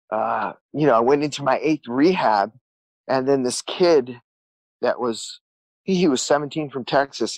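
A man's voice: mid-range voice, dry recording, low-quality recording. A man telling his life story as a podcast guest, earnest and rambling, repeating words and acting out what people said. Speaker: guest musician. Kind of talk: candid storytelling interview.

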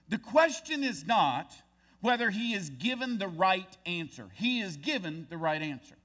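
A man's voice: high voice, fairly bright tone. A male pastor preaching a sermon, reading scripture aloud and then pressing his points with growing emphasis. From United States.

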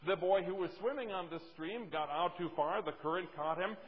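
A man preaching a sermon, emphatic, slowing down to stress scripture quotes and telling folksy classroom stories. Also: sits high. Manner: storytelling with folksy asides. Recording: dull lo-fi audio with long reverb.

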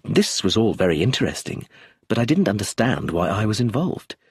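Husky, breathy male narrator. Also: on the low side, big pitch swings, fairly quick, a little mellow, no room sound, studio quality. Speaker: audiobook narrator. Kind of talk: scripted storybook narration.

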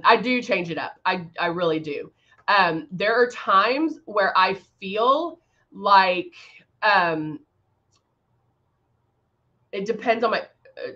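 A chatty woman hosts a relaxed live stream, rambling between thoughts and answering viewers as she goes. Her voice sits at a middle pitch, and the audio is a little dull and muffled. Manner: laughs often, many fillers. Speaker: makeup brand host. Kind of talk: casual live-stream chat.

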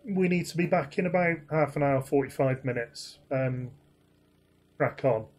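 A man voicing a brisk, matter-of-fact senior male flying instructor, speaking a little higher than his own voice. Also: close to an everyday voice.

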